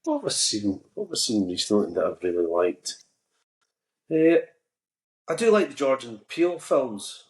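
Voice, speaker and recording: A Scottish man, an actor guest, chatting in a relaxed way and telling stories with humor. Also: mid-range voice, normal speed, reverberant. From Scotland. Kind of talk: casual interview chat.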